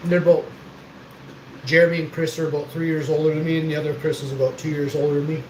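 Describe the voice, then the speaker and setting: A man's voice: on the high side, flat delivery, fast. Boastful man in an echoey room. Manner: boastful, swears freely, rambling. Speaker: livestream host. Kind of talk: rambling livestream storytelling. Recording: echoey room with background noise.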